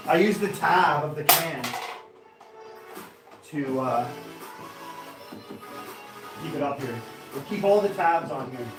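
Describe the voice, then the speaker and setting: A man with a high voice hosts a casual live stream, chatting to viewers and breaking into loud, excited exclamations. He sits well back from the mic in an echoey room, with music playing behind him. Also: slow, pauses often, recorded from a distance. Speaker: live-stream host doing knife-throwing trick shots.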